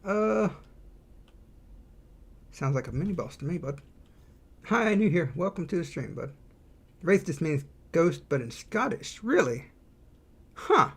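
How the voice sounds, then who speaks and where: A man's voice: a little high, very animated, measured pace, pauses often, a bit bright, breathy edge. A man streaming his indie game development, chatting casually and thinking aloud while he draws and reads chat.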